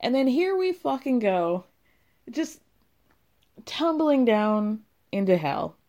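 Animated, foul-mouthed young woman recapping. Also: on the high side, takes it slowly. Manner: animated, swears freely, laughs often. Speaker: reality show recapper. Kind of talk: casual recap commentary.

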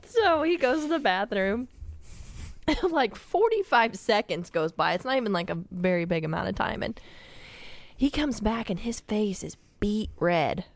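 A woman guest on a podcast tells a story casually and giggles her way through it. Her pitch sits in the middle but swings widely as she talks. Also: lively intonation, moderate pace, no echo. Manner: giggly, often breaking into laughter mid-story.

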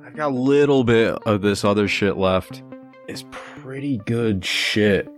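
A man's voice: fairly low pitch, measured pace, soft background music. A man hosting a tabletop role-play podcast and playing along, casual and laid-back, with a lot of profanity. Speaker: host and player. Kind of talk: casual tabletop game chat.

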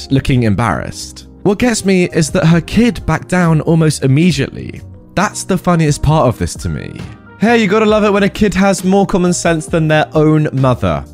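A man narrating online stories and chatting about them. His delivery is lively and full of pitch swings, and he keeps turning to his viewers with rhetorical questions. Faint music plays beneath his voice. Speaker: story narrator. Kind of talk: reading online stories with commentary.

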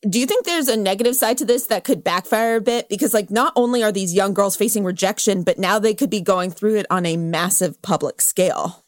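A woman's voice: medium pitch, brisk, hardly any pauses, no echo, studio quality. A woman co-hosting a daily news podcast, asking questions in a conversational way. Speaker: podcast co-host.

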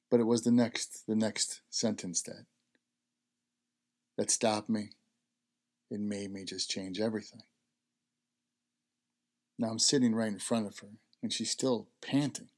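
A man's voice: fairly low pitch, a little slow, pauses often, darkish tone. A man hosting a health talk, telling a personal story in a conversational way and repeating key phrases for emphasis. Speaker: host.

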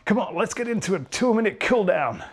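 A man's voice: high-pitched, big pitch swings, a little fast, pitched above the performer's own voice, full character voice. A man putting on the voice of a brash, peppy American alpha-male fitness instructor. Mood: pumped-up. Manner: peppy, pumped-up hype.

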